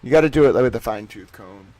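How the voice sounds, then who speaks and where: Brief: male livestream host, chatty and rambling, reads legal citations slowly, throws in jokey asides, mid-range voice. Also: mid-range voice, a little mellow, no room sound. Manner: slow, deliberate reading of legal citations. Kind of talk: casual livestream commentary.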